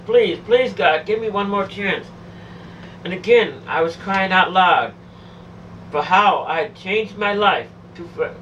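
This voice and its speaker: A woman's voice: lowish voice, recorded from a distance, muffled recording, slight background noise. A woman telling a first-person testimony of a near-death experience, pleading, emotional and repetitive.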